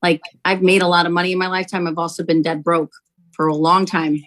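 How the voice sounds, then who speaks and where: Animated woman pitching her product. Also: fast, rough recording. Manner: animated storytelling, acting out quotes. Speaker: company founder pitching a product. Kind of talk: testimonial sales pitch.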